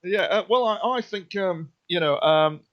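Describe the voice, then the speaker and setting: A man's voice: high-pitched, a little slow, fairly bright tone. Rambling man on lo-fi radio. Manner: rambling, repeats himself, earnest. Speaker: guest. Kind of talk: radio interview. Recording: dull lo-fi sound.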